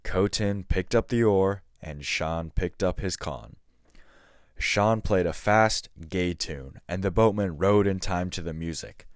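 A man hosting a storytelling podcast, reading the tale aloud in scripted narration, measured and steady. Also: low voice, clean tone, no echo, clean studio sound.

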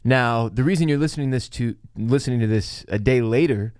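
A man's voice: mid-range voice, brisk, a little mellow, clear, resonant tone, no echo. A man co-hosting a casual podcast, bantering with dry sarcasm. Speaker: podcast co-host.

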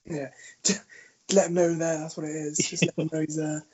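A man's voice: on the high side, normal speed, husky. A man in casual podcast chat, swearing freely and laughing as he tells stories. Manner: swears freely, laughs a lot, animated storytelling. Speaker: podcast co-host. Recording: dull lo-fi sound.

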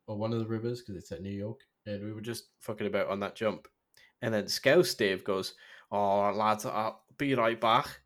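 A young man co-hosting a podcast over an online call, telling anecdotes with frequent "um"s and a tendency to giggle. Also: lowish voice. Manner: giggly anecdote teller, trails off with "um". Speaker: podcast co-host. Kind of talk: casual storytelling chat.

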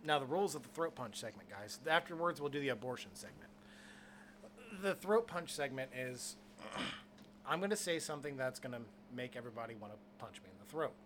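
Bright-voiced young man joking crudely. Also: mid-range voice, animated, brisk, slight background noise. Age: young adult. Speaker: podcast host. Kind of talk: casual podcast chat.

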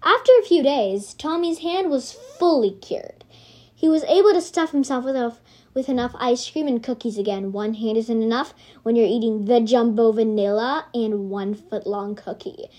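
A woman's voice: on the high side, moderate pace, dark tone. A woman reading her homemade storybook aloud, rambling into self-correcting asides.

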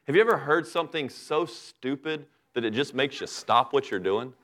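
A man's voice: medium pitch, expressive, normal speed, a bit bright. A middle-aged man preaching a sermon in a conversational way, talking straight to the congregation and asking them questions. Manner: conversational preaching, acts out Bible characters in asides. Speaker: pastor.

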